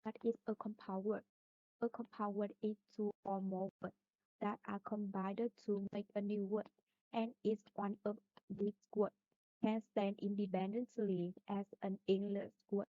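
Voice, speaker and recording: A woman's voice: medium pitch, level tone, measured pace, dry recording. A woman reading a class presentation on stressing compound words, carefully listing examples. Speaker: student presenter. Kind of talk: reading a pronunciation lesson. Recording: dry phone-like recording.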